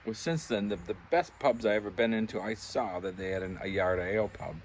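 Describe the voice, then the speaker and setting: Speaking briskly in a lowish voice, an older man rambles through pub tales for a casual vlog, chuckling and doing impressions of the people he quotes. A faint hiss or hum sits in the recording, made in a backyard pub shed.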